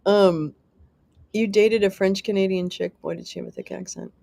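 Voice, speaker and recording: A woman hosts a casual livestream, reading the chat aloud, giggling often, and swearing casually with self-mocking humor as she jokes with viewers. Her medium-pitched voice has a dark tone and vocal fry, at a normal speed.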